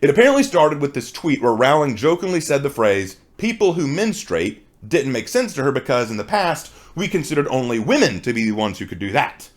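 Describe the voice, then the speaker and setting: A man's voice: medium pitch, sing-song, fairly quick, few pauses. A man giving a conversational response commentary, rebutting points and asking rhetorical questions. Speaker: commentary video creator.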